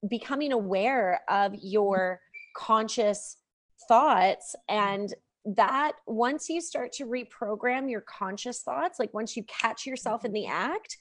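A woman's voice: on the high side, takes it slowly. A woman talking as a podcast guest over a video call, chatty and upbeat, saying "like" often. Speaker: podcast guest, NLP practitioner. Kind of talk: casual conversation.

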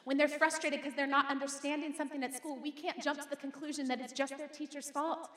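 A woman's voice: sits high, level tone, quick pace, fairly bright tone. A middle-aged woman pastor preaching a sermon in a conversational, emphatic way, speaking straight to the congregation. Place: church auditorium. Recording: echoey hall with long reverb.

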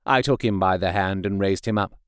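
A man giving a measured, expressive audiobook narration. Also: sits low, clear, resonant tone, no echo, clean studio sound.

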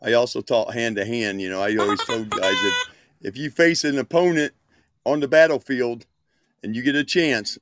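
Older male regular, mid voice, dry mic, deadpan boastful humor. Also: mid-range voice, moderate pace, no echo, soft background music. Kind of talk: casual radio show banter.

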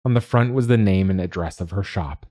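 A man reading a fantasy audiobook as narrator, with measured storytelling. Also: low voice, dark tone, dry recording, studio quality. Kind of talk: scripted narration.

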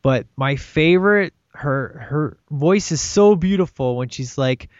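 A man's voice: fairly high pitch, animated, a little slow, no echo. A man chatting casually about a film he loves, enthusiastic and rambling, often tacking "man" onto his sentences. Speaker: podcast co-host discussing a film. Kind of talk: casual chat. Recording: dull dry lo-fi recording.

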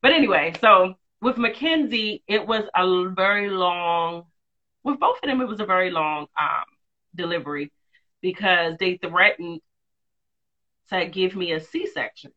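A woman, a mother of two, telling a personal story in a candid, lively, casual way with quick asides. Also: fairly low pitch, highs cut off. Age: adult, mother of two.

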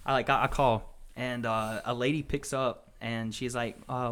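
A man's voice: mid-range voice, normal speed, hardly any pauses, fairly bright tone. A man hosting a casual sports podcast, telling stories loosely with swearing and laughter. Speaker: podcast host.

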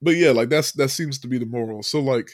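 A man's voice: mid-range voice, brisk, no room sound, studio quality. Chatty man retelling a movie. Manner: loose storyteller, many fillers, laughs often. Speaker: podcast host. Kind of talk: casual movie recap chat.

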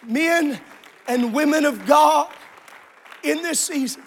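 A man preaching a sermon as a pastor, calling out to the congregation and shouting at the peaks. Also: very high-pitched, takes it slowly, a faint crowd.

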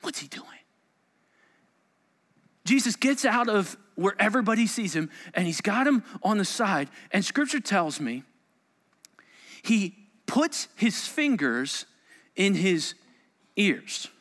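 A male pastor preaching a sermon to a congregation, telling the story dramatically and dropping into quiet asides. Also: high voice, slow pace, pauses often, long reverb tail. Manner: animated, dramatic storytelling with sudden soft asides. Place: church sanctuary.

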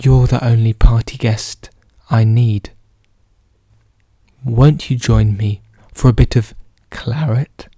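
Whispered role-play: man as a smooth, flattering shark host, unhurried and mellow. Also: medium pitch, dry recording. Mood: ingratiating.

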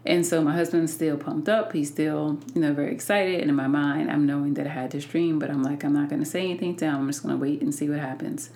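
A woman hosting a podcast and telling a personal story in an unhurried way, with many fillers and restarts. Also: low-pitched, steady tone, mellow. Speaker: podcast host.

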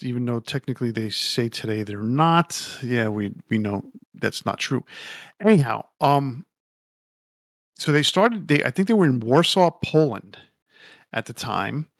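A man's voice: mid-range voice, no room sound. Man, podcast co-host, casual chat, rambling, opinionated, dry close sound.

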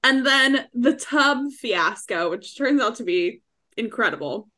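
A young woman co-hosting a casual book-club podcast, her voice bright and a little high. She gushes freely, talks frankly and laughs often. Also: expressive, measured pace. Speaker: podcast co-host.

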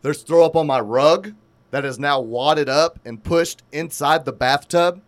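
A man telling a crude, animated story in casual profane podcast chat, laughing at his own tale. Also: fairly high pitch, a little slow, dry recording.

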